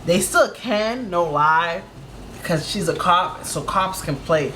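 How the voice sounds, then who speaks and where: A man's voice: high-pitched, expressive, slow pace, pushed and bright, slight background noise, low-quality recording. A man hosting a reaction video, chatting incredulously about the story he is watching. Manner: chatty, incredulous, laughs between remarks. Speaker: reaction host. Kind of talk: casual reaction commentary.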